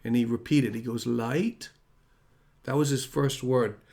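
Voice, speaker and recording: A man's voice: medium pitch, steady tone, normal speed, darkish tone. A middle-aged man hosting a casual talk show, rambling and joking as he signs off. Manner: rambling, chatty, jokey. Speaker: host.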